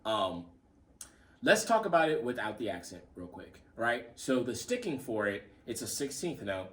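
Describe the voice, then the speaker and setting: A man's voice: on the low side, normal speed, distant mic. A man giving a casual drum lesson, calling out the sticking and explaining as he plays. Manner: relaxed, repeats himself, counts stickings aloud. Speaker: drum teacher. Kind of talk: casual spoken lesson with demonstrations.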